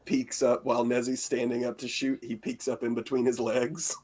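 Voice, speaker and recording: A man's voice: medium pitch, level tone, normal speed, a little mellow, breathy edge. A man playing a tabletop game, hesitant and amused as he describes his character's moves. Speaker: player.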